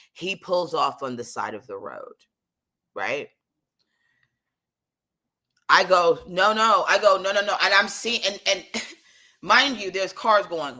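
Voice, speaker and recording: A woman telling a comic story in an animated, exasperated way, swearing freely. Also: medium pitch.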